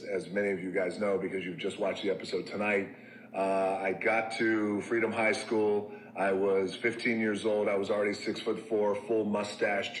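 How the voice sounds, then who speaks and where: A man telling a personal story in a candid, conversational way, with many fillers, restarts and soft reflective passages. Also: fairly low pitch, reverberant, slight background noise, low-quality recording.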